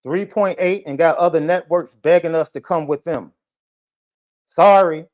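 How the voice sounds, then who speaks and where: Male podcast host, heated and taunting, slightly higher voice, muffled lo-fi stream audio. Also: fairly even intonation, normal speed, darkish tone. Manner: combative, taunting, repetitive. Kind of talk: heated live podcast rant.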